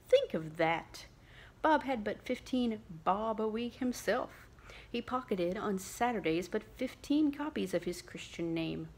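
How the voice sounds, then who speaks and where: A woman reads a classic novel aloud in full, measured and expressive. Her voice sits at an ordinary middle pitch for a woman. The pacing suits long-form audiobook narration. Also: slight background noise. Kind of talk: unabridged novel reading.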